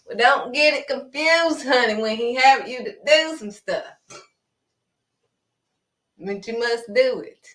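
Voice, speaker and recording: A woman preaching in a livestream sermon, animated and calling listeners honey. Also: mid-range voice, measured pace.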